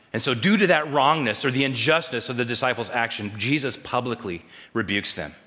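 Male pastor, mid-pitched and bright, preaching with call-and-response in a big echoing sanctuary. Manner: call-and-response questions to the congregation. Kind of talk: sermon. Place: church sanctuary.

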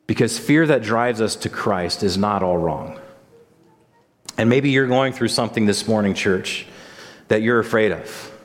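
A man's voice: on the low side, long reverb tail. A man preaching a sermon at a church service, talking casually and putting questions to the congregation. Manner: conversational, asks the congregation questions. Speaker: pastor.

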